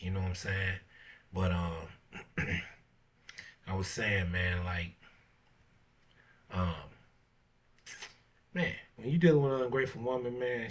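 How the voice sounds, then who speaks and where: Deep-voiced laid-back man. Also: fairly bright tone, far from the mic. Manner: laid-back, fillers like "you know what I'm saying", swearing. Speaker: podcast host. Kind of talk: casual monologue.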